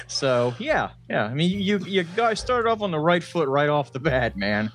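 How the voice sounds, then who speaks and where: Lively-pitched man rambling through a casual chat. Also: measured pace, faint music behind. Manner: rambling, swears often, laughs a lot. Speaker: podcast co-host.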